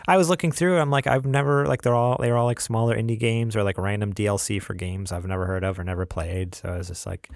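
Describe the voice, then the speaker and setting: A man's voice: fairly low pitch, steady tone, fast, vocal fry, hardly any pauses, no room sound, clean studio sound. A young man hosting a casual gaming podcast, rambling with lots of fillers and laughs. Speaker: podcast host.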